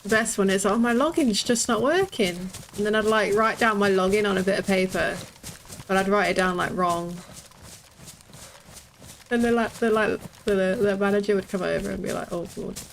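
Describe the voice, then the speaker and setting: A woman's voice: mid-range voice, steady tone, moderate pace, vocal fry, pauses often, a little hiss or hum. A British woman in her thirties, chatting casually while streaming a game, swearing freely and laughing often. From Britain. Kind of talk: casual gaming stream chat.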